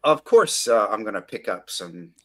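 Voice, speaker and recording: A middle-aged American man with a slightly softened accent, telling stories as a guest in a casual podcast interview, with many ums and restarts. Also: lowish voice, very animated, normal speed. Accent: American, slightly softened by Australian. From Connecticut, USA. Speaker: guest photographer.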